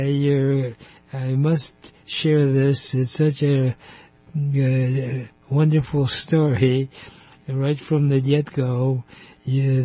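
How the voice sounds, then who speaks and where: A man hosting a radio interview show, talking slowly in a chatty way and laughing often. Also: mid-range voice, mellow, no echo. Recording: muffled radio broadcast.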